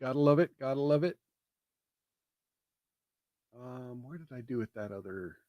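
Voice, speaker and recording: A man hosting casual political commentary, talking emphatically and getting emotional, swinging from loud bursts to hushed asides. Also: medium pitch, expressive, moderate pace, no room sound.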